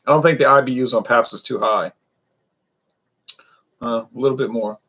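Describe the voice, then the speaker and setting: A man's voice: medium pitch, moderate pace, bright, forceful tone, lo-fi sound. A man, chatting loosely and rambling through a casual beer review. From Louisiana. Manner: rambling, chatty, wanders off topic.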